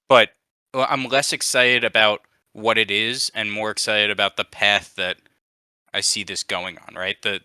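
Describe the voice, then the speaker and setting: A man with a low voice co-hosts a casual podcast. His tone is very bright and crisp, and the sound is close and dry. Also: no room sound. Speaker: podcast co-host.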